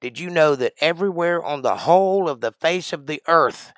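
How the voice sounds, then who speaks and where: A man's voice: a little high, expressive, moderate pace, no echo. Playful Georgia man, dry close sound. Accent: Georgia Southern. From Georgia, USA. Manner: playful, rambling, jokey with sudden loud outbursts. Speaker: livestream host. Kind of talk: casual livestream chat.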